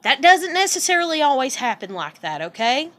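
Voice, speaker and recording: A woman's voice: high-pitched, very animated, fairly quick, a bit bright. A woman ranting in a personal vlog, blunt, profane and passionate, rambling from one point to the next. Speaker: vlogger.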